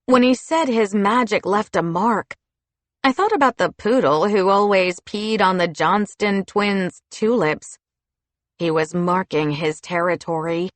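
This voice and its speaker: A woman narrating an audiobook in the first person, in an expressive storytelling manner. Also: medium pitch, unhurried, no room sound.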